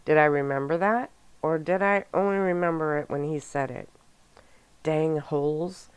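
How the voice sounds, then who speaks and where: Soft-spoken asmr reading, woman, low voice, slow and smooth. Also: no room sound. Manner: calm, even first-person storytelling. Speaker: audiobook narrator.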